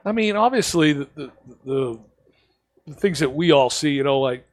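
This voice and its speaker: Man, cigar shop owner, animated storyteller, slightly high voice, dry sound. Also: moderate pace, no room sound. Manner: animated storyteller, acts out quotes. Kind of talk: casual podcast storytelling.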